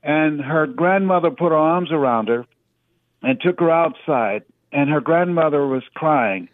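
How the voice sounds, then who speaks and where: A man's voice: on the high side, lively intonation, unhurried, no room sound. A man giving a preacherly motivational talk as a radio guest, stressing his points by repeating words. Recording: tinny phone line.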